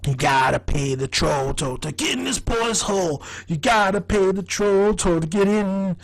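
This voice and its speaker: Man voicing a crude older man. Low, gravelly, sing-song and sleazy. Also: lively intonation, normal speed. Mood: leering.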